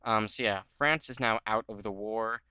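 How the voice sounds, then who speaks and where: A man's voice: on the low side, moderate pace, sharp tone, clean tone, dry recording, muffled recording. Rambling young-sounding man, lots of ums. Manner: rambling, filler-heavy, joking. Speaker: history channel host. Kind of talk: casual map commentary.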